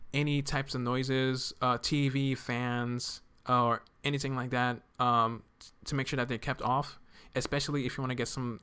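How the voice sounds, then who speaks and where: Soft-spoken man rambling with many fillers. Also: medium pitch, smooth. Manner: speaks softly to keep quiet at home; halting, with many fillers and stumbles. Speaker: art video creator. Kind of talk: casual rambling monologue. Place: apartment room at home.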